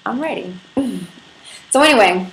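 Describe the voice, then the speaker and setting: A woman's voice: on the high side, expressive, a little slow, a bit bright. A woman from Brooklyn hosting a casual livestream, brash and profane, talking straight to her viewers. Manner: brash, profane, playful, addresses viewers directly. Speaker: livestream host. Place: apartment room in Brooklyn. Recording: echoey room with faint background noise.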